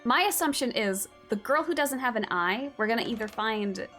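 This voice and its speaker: Lively high-voiced woman streaming a game. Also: normal speed. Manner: reads game dialogue aloud and reacts with exclamations. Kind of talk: casual live game commentary. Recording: voice over game music.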